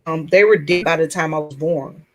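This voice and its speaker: A woman's voice: sits low, fairly even intonation, rough recording. Earnest woman sharing her own story. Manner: earnest and open, with halting restarts. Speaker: chat room participant. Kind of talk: personal storytelling in a casual group chat.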